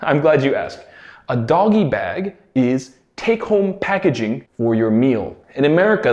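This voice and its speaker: A man teaching everyday English phrases, explaining clearly and slowing down to model each one. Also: medium pitch, a little mellow. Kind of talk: English pronunciation lesson. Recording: roomy echo.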